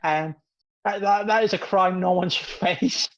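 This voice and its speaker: A man's voice: sits high, fairly even intonation, unhurried. Rambling young man on a lo-fi mic. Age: 20s. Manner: rambling, joking, acts out quotes. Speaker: podcast co-host. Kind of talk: casual chat. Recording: dull lo-fi mic.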